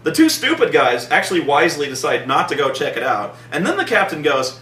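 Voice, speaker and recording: A loud, bright-voiced man tears into a movie with swearing and lively swings in pitch. He acts out scenes in silly voices. He sounds a little off mic in an echoey room. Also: fairly quick, far from the mic. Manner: profane, animated, acts out scenes in mock voices. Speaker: movie reviewer. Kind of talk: casual comedic movie review chat.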